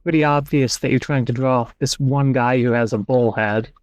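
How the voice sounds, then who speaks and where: A man's voice: mid-range voice, steady tone, moderate pace, clear, resonant tone, no room sound. Analytical man hosting a podcast. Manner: thinking aloud, analytical. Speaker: podcast host. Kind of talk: casual discussion and reading aloud.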